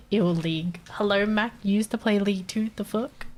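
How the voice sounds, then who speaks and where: A woman's voice: medium pitch, normal speed, faint music behind. A young woman streaming live, chatting casually with her chat, swearing and laughing often, her nose blocked so she sounds stuffy.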